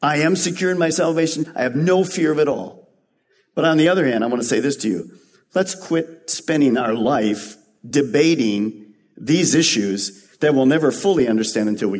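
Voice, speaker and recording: A man's voice: medium pitch, darkish tone, in a large hall. A man preaching a sermon as a pastor, earnest and rising to emphatic peaks.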